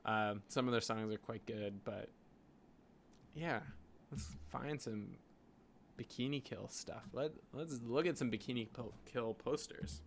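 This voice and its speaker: A man's voice: medium pitch, a little slow, vocal fry, a little hiss or hum. Chatty Canadian man thinking aloud. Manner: thinking aloud, rambling with frequent "like" and "you know". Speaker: graphic designer. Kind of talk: casual screen-share design vlog.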